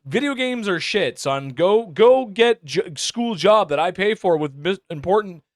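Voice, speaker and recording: A man's voice: sits high, expressive, a little slow, no echo, clean studio sound, pitched above the performer's own voice. A man voicing a stern, dismissive middle-aged father who lectures his son curtly. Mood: scolding.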